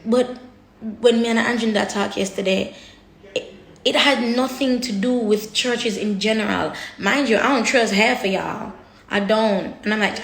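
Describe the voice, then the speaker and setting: This woman speaks at a measured pace and medium pitch, her voice carrying a roomy sound. It's candid personal vlog talk: raw, blunt, heavy with emphasis, and full of swearing aimed at her viewers.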